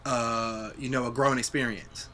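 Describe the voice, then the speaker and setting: A man's voice: mid-range voice, fairly even intonation, moderate pace, sharp tone, slight background noise. A young adult man hosting a podcast, chatting casually and reflectively, swearing freely. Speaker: podcast host. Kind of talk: casual chat.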